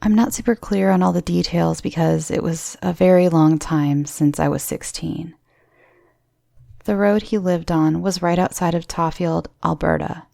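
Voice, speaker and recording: Woman reading scary stories, low creaky voice, dry close sound, cracks snarky jokes. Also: dark tone, no echo. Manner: wry, swearing asides between story lines. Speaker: horror story narrator. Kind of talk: reading listener horror stories aloud.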